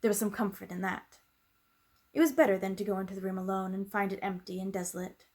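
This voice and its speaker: Brief: woman storyteller, gentle storybook reading, mid-pitched, calm pace. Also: fast talker. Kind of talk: reading a children's book aloud.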